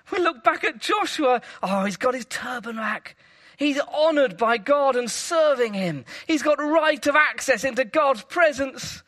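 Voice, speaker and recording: A man delivers a sermon with dramatic emphasis, climbing to loud peaks and then falling to hushed, low phrases.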